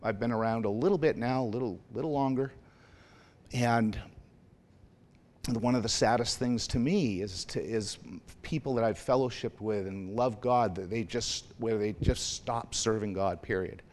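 A man's voice: mid-range voice, moderate pace, a little mellow. A man pastor preaching a sermon in a church in a loose, conversational way, stopping to question the congregation and laughing at himself. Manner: conversational, rambling, self-deprecating, quizzes the congregation. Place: church sanctuary.

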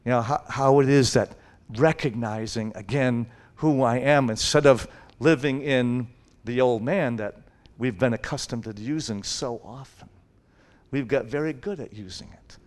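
A man preaching a sermon in a conversational way, often saying "it's like" and swinging from loud bursts to hushed, near-whispered asides. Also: medium pitch, moderate pace.

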